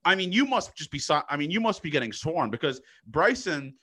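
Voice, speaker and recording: A man hosting a casual podcast, asking rambling questions full of fillers with lively energy. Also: on the high side, a little fast, slightly rough. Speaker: podcast host.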